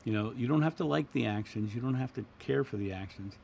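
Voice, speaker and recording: A middle-aged man hosting a spiritual livestream, talking in a gentle, reflective way as he answers viewers. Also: mid-range voice, quick pace, gravelly, a little hiss or hum. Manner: gentle, reflective, repeats words and restarts. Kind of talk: casual spiritual talk.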